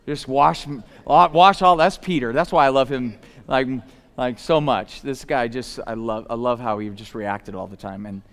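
A man preaching a casual, animated sermon, swinging from loud emphatic shouts to soft low asides, with lots of conversational fillers. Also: moderate pace. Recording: long hall reverb.

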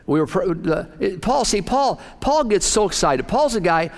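A middle-aged man preaching a sermon as pastor, folksy and excitable, often jumping up in pitch and loudness. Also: moderate pace, creaky, long reverb tail.

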